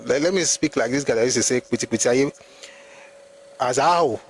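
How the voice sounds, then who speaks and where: A man's voice: mid-range voice, quick pace, rough recording. A man with a Nigerian accent, hosting a live history talk and arguing his points with rhetorical questions. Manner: argumentative, full of rhetorical questions. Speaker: host.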